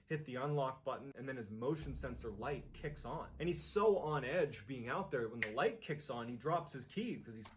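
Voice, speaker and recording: A man narrating a true-horror tale, pacing it for suspense and rising in intensity. His voice sits in a middle pitch. A faint ambient hum runs behind him. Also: lively intonation, moderate pace, hardly any pauses. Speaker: storyteller.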